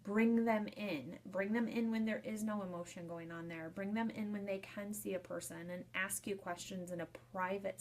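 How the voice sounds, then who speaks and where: Chatty woman funeral director. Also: mid-range voice. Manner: chatty and repetitive, restating points in loose lists. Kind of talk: casual live-video advice talk to students.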